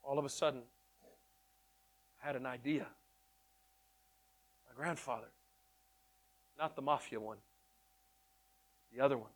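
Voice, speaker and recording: A man telling his testimony in an animated storytelling way, excitable and repeating words in quick bursts. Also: medium pitch. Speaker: speaker sharing his testimony.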